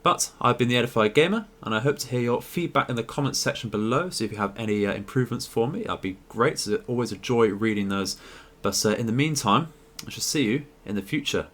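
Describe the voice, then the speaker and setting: A man, hosting a gaming video and talking through a strategy game in a polite, measured way with frequent fillers. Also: medium pitch, animated, a bit bright.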